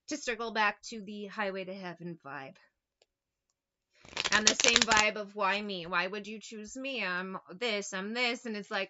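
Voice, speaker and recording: Woman tarot reader, bright and tense tone, emphatic and swears casually, dull lo-fi audio. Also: fairly high pitch. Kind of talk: channeled tarot reading to camera.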